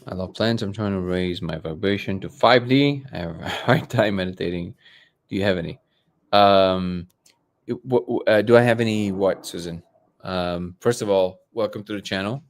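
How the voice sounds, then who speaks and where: Chatting loosely on a casual livestream, this host talks at normal speed in a fairly low male voice, full of false starts and filler words. Because he moves away from the microphone now and then, his voice fades in and out.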